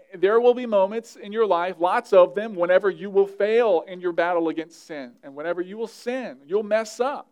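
Casting: male pastor, sermon delivery, high-pitched, earnest and conversational, light humor, hushes for prayers. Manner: earnest, conversational preaching with humor, drops to a soft voice for quoted prayers.

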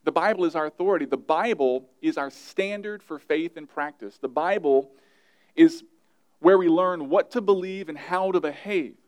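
A man's voice: a little high, normal speed. A male pastor, around his thirties, preaching an emphatic sermon and repeating his key phrases.

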